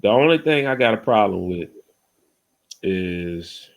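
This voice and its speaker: A man hosting a casual podcast over a video call, talking in a relaxed way and often saying "you know what I'm saying.". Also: lowish voice, a little slow, vocal fry. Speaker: podcast host.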